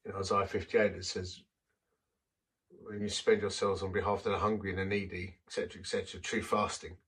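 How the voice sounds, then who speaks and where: A man's voice: sits low, flat delivery, a little fast, fairly bright tone, slightly rough, recorded from a distance. A man who is a vicar, telling a story in a sermon in a self-deprecating, anecdotal way and acting out the quotes.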